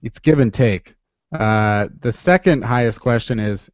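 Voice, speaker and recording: A man's voice: mid-range voice, a little slow, dry recording, lo-fi sound. A man hosting a podcast, chatting casually and teasing his guest. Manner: joking, teasing. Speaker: podcast host.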